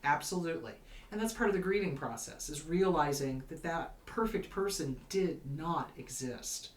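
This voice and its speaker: This is a woman therapist giving casual advice, her low voice at a normal speed. She's animated and emphatic, acting out quoted voices, and the roomy echo suggests she's slightly distant from the mic.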